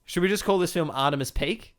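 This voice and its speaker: A man's voice: on the high side, quick pace. A man co-hosting a casual film review podcast, trading dry, sarcastic quips. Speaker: podcast co-host.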